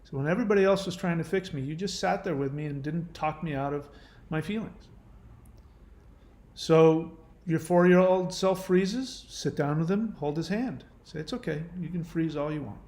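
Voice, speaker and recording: A man hosting his own channel, answering viewer questions in casual, gentle, reassuring advice talk. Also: a little high, normal speed, reverberant.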